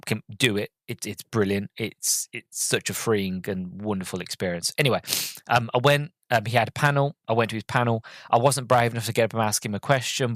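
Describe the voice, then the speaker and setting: A podcast host tells a story as a casual review, rambling and hesitant with many ums and restarts, earnest and openly emotional as a fan. His voice is fairly low-pitched and a bit bright, with no echo.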